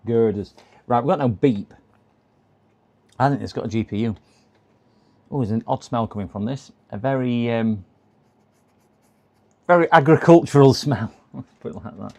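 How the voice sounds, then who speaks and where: A man's voice: medium pitch, moderate pace, creaky, long pauses, darkish tone. A man casually talking through a computer repair on a live stream, muttering to himself and chatting with viewers. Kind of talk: casual running commentary while working.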